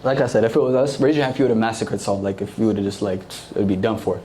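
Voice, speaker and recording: A man's voice: lowish voice, quick pace, dark tone, a little hiss or hum. A young man giving a casual, conversational sermon to a youth group, full of fillers and acted-out quotes. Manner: conversational, filler-heavy, acts out quoted voices. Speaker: youth preacher.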